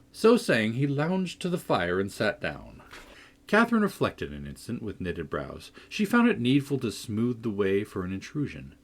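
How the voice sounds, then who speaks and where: A man with a low, husky voice reads a classic novel aloud. His pitch rises and falls expressively as he tells the story. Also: expressive, moderate pace. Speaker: audiobook narrator.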